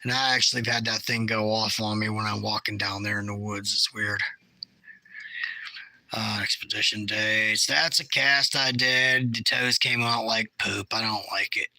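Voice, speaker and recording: A middle-aged man casually chatting about his field photos, animated, jokey and blunt. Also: fairly low pitch, moderate pace, no room sound, rough recording. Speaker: bigfoot researcher.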